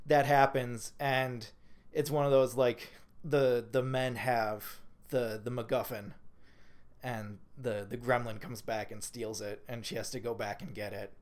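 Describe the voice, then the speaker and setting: Guy on a movie podcast, super excited, rambles on retelling scenes, average pitch. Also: measured pace. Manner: enthusiastic, rambling, retells scenes with quoted lines. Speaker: podcast co-host. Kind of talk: casual movie review chat.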